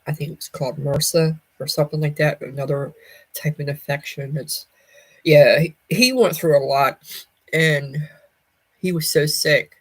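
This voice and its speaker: A woman's voice: extremely low pitch, breathy edge, poor audio. A woman giving a rambling, heartfelt personal update to camera as she grieves her late partner. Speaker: vlogger.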